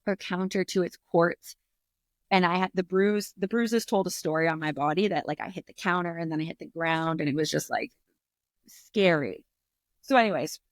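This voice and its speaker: A woman with a fairly low voice, an author guesting on a podcast interview show, shares a personal story. Her retelling is animated and candid, packed with fillers, free swearing, and acted-out reactions, in clean studio sound with no room noise.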